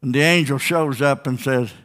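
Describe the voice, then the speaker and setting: A man preaching a sermon as a pastor in church, fervent and folksy, with call-and-response "Amen?" and sudden shouts. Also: medium pitch, moderate pace. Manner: old-fashioned, down-home speech.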